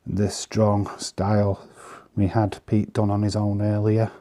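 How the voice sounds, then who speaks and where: A man casually commenting on trading cards in an easygoing, chatty way, pausing often with fillers. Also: lowish voice, completely flat delivery, warm tone. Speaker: vlogger showing trading cards.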